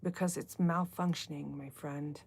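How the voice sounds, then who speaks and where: On her live book club stream, a middle-aged host talks informally with her audience, replying to comments and shifting between subjects. Her low, darkish voice is slightly rough, with fairly even intonation and a normal speed.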